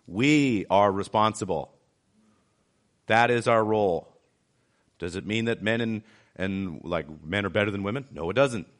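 Man, pastor, conversational sermon, repeats key points, fairly low voice. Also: unhurried, long pauses. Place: city church.

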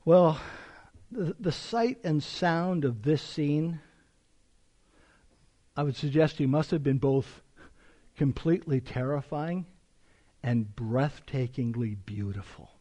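A man's voice: fairly high pitch, lively intonation, slow, pauses often, warm tone. A man preaching an expository sermon as a pastor, reading scripture aloud with emphasis and explaining it to a congregation.

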